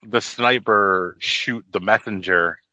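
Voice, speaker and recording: A man's voice: on the low side, slow pace, bright, forceful tone, no room sound, low-quality recording. A man in casual conversation about a film, talking enthusiastically with many fillers. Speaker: podcast co-host.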